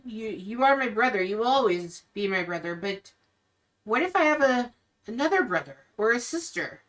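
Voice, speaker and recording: A woman's voice: a little high, a bit bright, distant mic, voice pushed up. A woman voicing a torn, questioning young woman who speaks in a pleading, emotional way.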